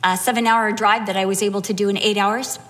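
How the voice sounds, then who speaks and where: A middle-aged woman preaching a sermon, telling a personal story with animated, acted-out quotes. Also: medium pitch, fast.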